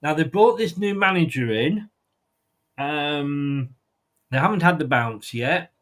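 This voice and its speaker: A man's voice: fairly high pitch, animated, slow pace, fairly bright tone. A man hosting a football prediction show, chatting casually and rambling with frequent ums and restarts. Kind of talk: casual chat.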